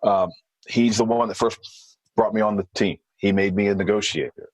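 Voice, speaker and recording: A man being interviewed as a former hostage negotiator, explaining in a measured way with thinking fillers. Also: on the low side, fairly even intonation, darkish tone, no echo, low-quality recording. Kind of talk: podcast interview.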